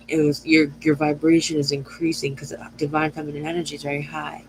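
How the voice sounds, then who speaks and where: A woman's voice: low voice, flat delivery, a little fast, few pauses, a little hiss or hum, poor audio. A woman giving a channeled astrology reading to her viewers. She rambles, swears freely and often stops to correct her own words. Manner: rambling, profane, self-correcting. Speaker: astrology and tarot reader.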